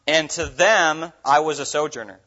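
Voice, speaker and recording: A man's voice: on the high side, normal speed, pushed and bright. A man from Minnesota preaching a sermon as pastor, earnest and full of rhetorical questions. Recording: dull lo-fi recording.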